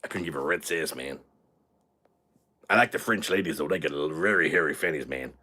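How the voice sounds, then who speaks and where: Guy putting on a sloppy drunk bro, low husky voice with a sharp edge, crude and cocky. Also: moderate pace, exaggerated voice. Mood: boastful. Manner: crude, rowdy, swaggering banter. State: tipsy from shots. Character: crude boastful drunken American man. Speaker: livestream host. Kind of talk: live stream chat in character.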